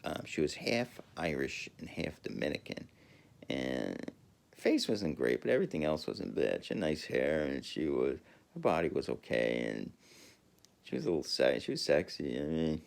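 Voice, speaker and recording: A man rambling through a casual monologue, halting often with fillers and restarts and chuckling as he talks. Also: extremely low pitch, big pitch swings, creaky. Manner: chuckles while talking. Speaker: podcaster.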